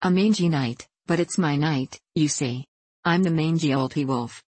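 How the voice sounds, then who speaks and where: A woman's voice: sits low, moderate pace, darkish tone, husky, no echo. Burning Daylight, woman reading a hearty frontiersman. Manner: hearty, folksy drawl, calls out to a crowd. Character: boisterous male gold-rush adventurer turning thirty.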